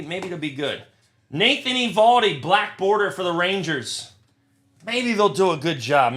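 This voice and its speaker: A man's voice: high-pitched, pushed and bright, slight background noise. A young man hosting a live trading card break, talking to his chat, frustrated and swearing often. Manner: profane, frustrated, talks to chat.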